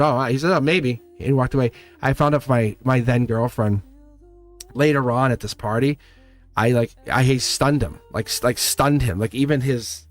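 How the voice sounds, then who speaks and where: A man hosting a live tarot stream, reading cards and telling a story in a chatty, animated way, laughing often and repeating himself. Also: medium pitch. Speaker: tarot reader and livestream host.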